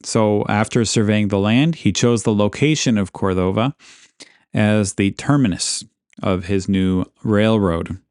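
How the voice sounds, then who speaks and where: A man with a low, smooth, clear voice tells local history like a casual chat, drifting into asides and correcting himself as he goes. The sound is dry and close, with no room around it. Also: measured pace, no echo. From Alaska. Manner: relaxed, rambling, self-correcting with asides. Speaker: podcast host.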